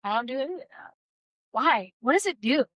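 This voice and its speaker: A high-pitched, animated woman talks briskly; the recording has no echo and its highs are cut off. As a podcast co-host she chats candidly about recovery and shame, cursing freely and leaning hard on her words.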